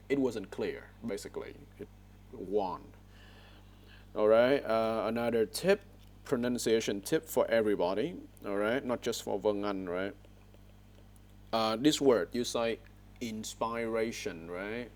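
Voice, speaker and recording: Male English teacher, lowish voice, headset mic, keeps asking "all right?". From Vietnam. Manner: corrective, repeats words and frequent "all right?" checks. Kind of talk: online speaking lesson. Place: online video class.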